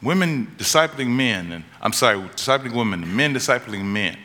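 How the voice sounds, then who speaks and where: A man preaching a sermon, telling stories and rising to urgent, high-pitched climaxes. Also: lively intonation, fairly quick, bright, forceful tone. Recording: long reverb of a large hall.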